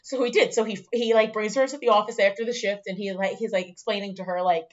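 A woman's voice: medium pitch, steady tone, fast talker. A woman guest telling a bar story in a casual chat, swearing freely and acting out what people said. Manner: profane, laughing, acts out quotes. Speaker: podcast guest. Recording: dull lo-fi podcast mic.

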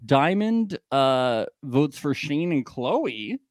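Lively chatty man recapping a show. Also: a little high, very slow, no echo, clean studio sound. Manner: chatty, joking and laughs often. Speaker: podcast co-host. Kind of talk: casual reality-show recap chat.

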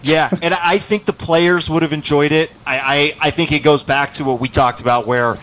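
A man's voice: fairly high pitch, steady tone, moderate pace, a bit bright, poor audio. A man co-hosting a sports talk show over the line, chatting in an easygoing way with hesitant fillers. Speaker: co-host on the phone line. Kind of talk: casual sports radio chat.

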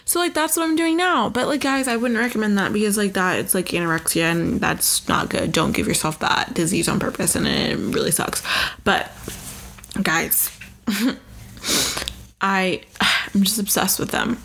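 A woman's voice: mid-range voice, moderate pace, a bit bright, slight background noise. A woman hosting a solo podcast, chatting in a rambling, profane, self-mocking way. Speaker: podcast host. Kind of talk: casual solo podcast chat.

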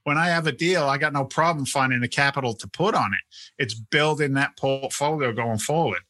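With a medium-pitched, sharp voice at normal speed and no room sound, a middle-aged English real estate investment CEO chats animatedly as a guest in a casual interview. His accent blends London and American, and he often repeats words while restarting sentences.

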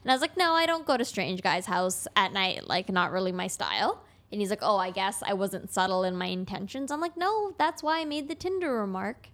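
A blunt young woman chatting on a casual podcast, telling stories with animated energy. She acts out the other people's lines in quick back-and-forth dialogue. Her voice sits at an ordinary middle pitch for a woman. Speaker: podcast guest, construction taper.

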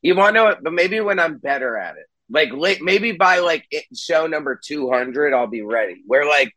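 Brief: young man, candid and animated, swears a lot, dry close sound, video-call chat. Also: a little high, moderate pace, dry recording, poor audio. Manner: candid, animated, swears freely, acts out quotes. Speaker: podcast host and band musician, guest here. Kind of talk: casual podcast chat.

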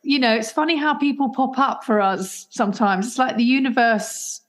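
A woman's voice: fairly high pitch, normal speed. A woman hosting a podcast interview, encouraging and effusive in her responses. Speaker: podcast host. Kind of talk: conversational interview.

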